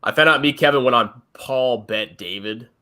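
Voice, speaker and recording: A man's voice: medium pitch, normal speed, bright, forceful tone. A man co-hosting a casual livestream chat, blunt and sarcastic.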